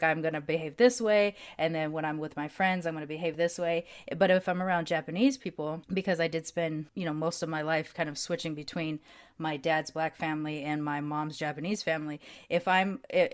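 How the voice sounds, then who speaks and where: Low-voiced woman hosting a podcast. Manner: thoughtful, rambling with fillers. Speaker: podcast host. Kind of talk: casual interview chat.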